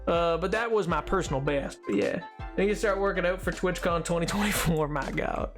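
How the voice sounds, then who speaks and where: A man's voice: sits high, fairly quick, over music. A young man streaming a game, chatting casually with his viewers in a rambling way full of restarts. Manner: rambling, talks to chat, many restarts and fillers.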